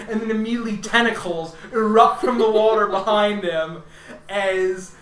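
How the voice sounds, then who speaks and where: Bright-voiced male game master. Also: high voice, steady tone, normal speed, soft background music. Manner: rambling with frequent fillers, laughing narration. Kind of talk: narrating a tabletop game. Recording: echoey room, distant mic.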